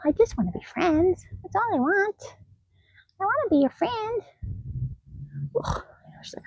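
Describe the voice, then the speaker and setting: A woman's voice: very high voice, sing-song, unhurried, pauses often, dry recording. A woman training a donkey outdoors, talking to it in a soothing, coaxing way that often drops to a whisper, with asides to the viewer. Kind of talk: coaching an animal with asides to camera.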